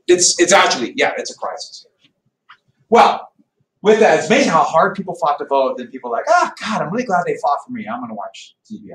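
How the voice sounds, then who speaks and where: A man's voice: fairly high pitch, a bit bright. A male history teacher lecturing a class in a chatty, teasing way. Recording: echoey classroom from far off, faint noise.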